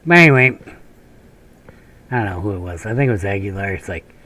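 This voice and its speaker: A man's voice: fairly low pitch, expressive, fairly quick, pushed and bright. Rambling, cursing man on a game stream. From northern Minnesota, USA. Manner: meandering, profane storytelling with frequent laughs and tangents. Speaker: gaming channel host. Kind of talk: rambling commentary during gameplay.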